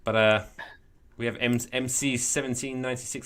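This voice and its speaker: A man co-hosting a podcast, talking in a rambling, animated, storytelling way. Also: mid-range voice, fairly quick. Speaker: podcast co-host. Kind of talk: casual chat.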